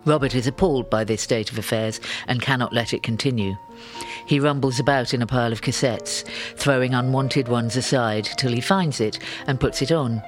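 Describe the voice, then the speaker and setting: Brief: male narrator, mid pitch, wry memoir reading with lively storytelling. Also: normal speed, soft background music.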